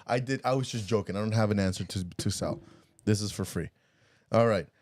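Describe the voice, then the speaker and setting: Low-voiced man, animated podcast co-host. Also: fairly quick, no room sound. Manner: animated, laughs often, rambling restarts. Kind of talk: casual chat.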